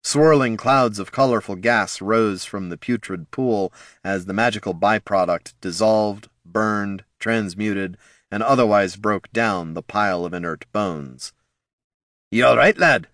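Low-voiced male audiobook narrator. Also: unhurried, a bit bright, no room sound, studio quality. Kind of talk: scripted fantasy narration.

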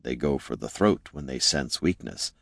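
A man voicing a wary male companion who mutters in a low voice. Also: animated, moderate pace, creaky, no room sound, studio quality, full character voice.

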